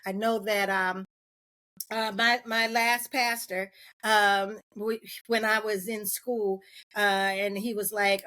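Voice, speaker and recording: Animated woman who laughs between points. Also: medium pitch, slow. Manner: animated, laughs often, acts out quoted voices. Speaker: podcast guest. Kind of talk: candid podcast conversation.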